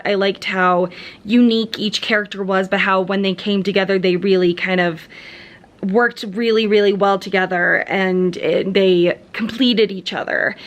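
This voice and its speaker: A young woman in her twenties chatting casually in a reading vlog, gushing with lots of "really" and "like". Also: medium pitch. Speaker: book vlogger.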